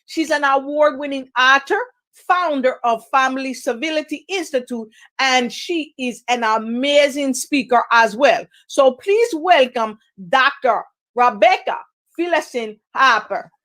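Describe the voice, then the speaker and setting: A woman's voice: high-pitched, measured pace, a bit bright. A woman hosting a talk show, playfully hyping up each guest with rhymes as she introduces them. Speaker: host.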